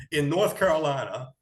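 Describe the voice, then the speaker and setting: A man's voice: a little high, low-quality recording. A man with a New York accent, co-hosting a podcast and casually telling a road trip story with frequent laughs. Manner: relaxed, anecdotal, laughs often. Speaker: podcast co-host.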